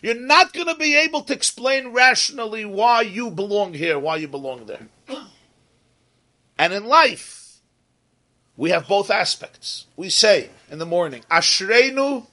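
A man's voice: high voice, sharp tone. A man giving a Torah class in English, pronouncing the Hebrew terms the Ashkenazi way, often repeating and rephrasing his points. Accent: Ashkenazi Hebrew pronunciation. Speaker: Torah teacher.

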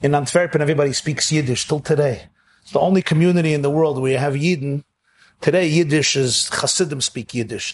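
A man giving a sermon as a storytelling rabbi, animated and rising to shouts at emotional peaks, sprinkling in Yiddish and Hebrew phrases. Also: on the high side.

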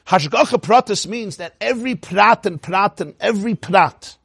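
A man giving an animated lecture on Hasidic teaching as a Torah teacher, firing rhetorical questions and often laughing. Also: high voice, normal speed, vocal fry, breathy edge, dry recording, studio quality.

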